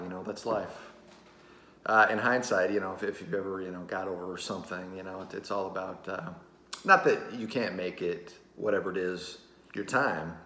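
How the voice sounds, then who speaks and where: Channel host, a low-pitched man rambling casually to camera with constant fillers, recorded in a reverberant room. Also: fairly bright tone, a little hiss or hum. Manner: rambling, halting, fills every pause with "you know" and "uh". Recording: roomy echo.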